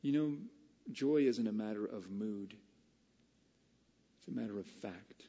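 A man preaching a casual, conversational Bible study sermon that builds to excited, emphatic peaks. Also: on the low side, measured pace, long reverb tail, muffled recording.

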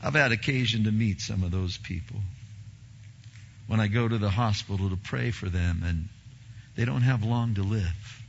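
A man preaching a sermon as a pastor, telling stories in an animated way and acting out the dialogue. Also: on the low side, moderate pace, vocal fry, muffled recording, a little hiss or hum. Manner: animated storytelling, acts out dialogue, repeats words.

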